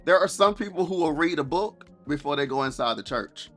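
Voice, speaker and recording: A man with a fairly high voice hosts a podcast interview. He asks thoughtful questions and keeps affirming what his guest says. Faint music runs in the background. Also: expressive, brisk, a bit bright. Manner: affirming, frequent backchannel. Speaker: podcast host. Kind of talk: conversational interview.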